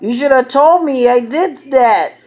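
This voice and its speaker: A woman answering in slow, protesting replies. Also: high-pitched, a crowd in the background.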